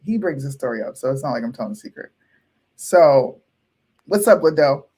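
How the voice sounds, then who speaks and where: A woman co-hosting a casual political commentary chat, talking in a blunt, animated and teasing way. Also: a bass voice, moderate pace, husky. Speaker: co-host.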